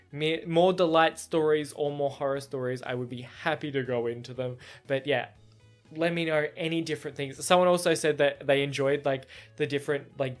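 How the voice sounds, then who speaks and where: A young man with a somewhat feminine voice, hosting a solo podcast in animated casual chat. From Australia. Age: young adult. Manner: animated storytelling, frequent laughs, jumps into high-pitched acted quotes. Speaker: podcast host.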